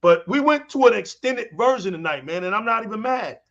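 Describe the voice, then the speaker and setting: Man, stream host, high bright voice, casual, muffled lo-fi sound. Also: lively intonation, fairly quick. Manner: laughing, calls guests "fam" and "bro". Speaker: host of a gaming live stream. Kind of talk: casual chat. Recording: muffled lo-fi audio.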